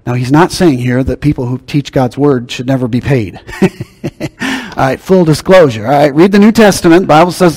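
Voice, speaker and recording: An older man preaching a sermon as pastor, emphatic, slowing down and dropping his voice to drive key points home. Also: medium pitch. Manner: emphatic, slows down and drops to a hush for key points. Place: church sanctuary. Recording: long hall reverb.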